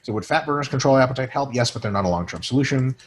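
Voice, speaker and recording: A man's voice: medium pitch, lively intonation, very fast. A man co-hosting a casual podcast, joking and swearing freely while reading listener questions aloud and answering them. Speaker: podcast co-host.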